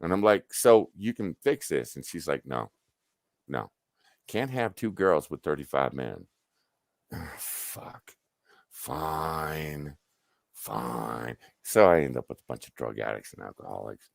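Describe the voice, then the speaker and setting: A man's voice: a bass voice, slow, creaky, no echo, studio quality. A middle-aged man casually telling work stories on a livestream, swearing freely and acting out what people said. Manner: profane, animated storyteller acting out quotes. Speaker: livestream host. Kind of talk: casual storytelling chat.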